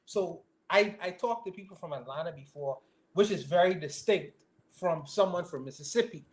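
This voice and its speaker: High-voiced Bahamian man, rambling. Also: normal speed. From Caribbean. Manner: rambling, repeats words when starting. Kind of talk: casual group discussion. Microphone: online call.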